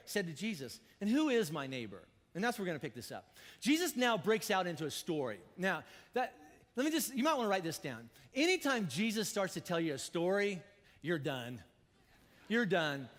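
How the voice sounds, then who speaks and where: Pastor, male, higher-pitched, preaches with animated swings from loud to hushed, in a reverberant church. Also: brisk. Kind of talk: sermon. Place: church auditorium.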